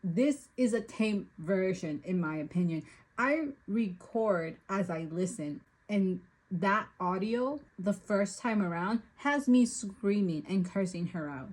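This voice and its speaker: In this rough recording, a book reviewer recaps and reviews a book she's been listening to, first retelling events, then airing her annoyance with the lead character. Her medium-pitched voice has a slight husky edge, and even as the rant against the plot builds, she never speeds up.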